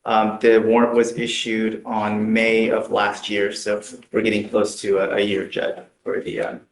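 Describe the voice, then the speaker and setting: A man speaking as a prosecutor in court, formal and procedural, pausing on fillers as he reads out a case. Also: fairly low pitch, monotone, a little hiss or hum. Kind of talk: courtroom argument. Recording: roomy courtroom with people around.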